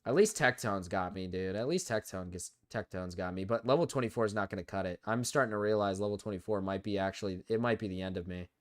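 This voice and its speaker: Talking fast with few pauses, this young man has a lowish voice and a cold. He's frustrated as he commentates his live gaming stream, cursing and griping throughout.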